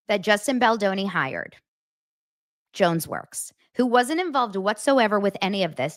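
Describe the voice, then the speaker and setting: A woman hosting her own show, chatting casually as she reads out text messages and acts out the quoted lines with big jumps in pitch. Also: a bit bright, no room sound, studio quality. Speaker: host. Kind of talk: casual commentary reading texts aloud.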